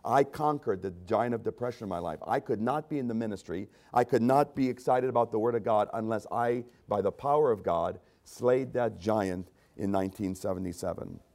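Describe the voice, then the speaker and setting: A man's voice: fairly quick, few pauses. An older man preaching a sermon, reading scripture aloud and speaking with dramatic rises and drops in emphasis. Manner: reads scripture aloud with dramatic swings in pitch and loudness. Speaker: pastor.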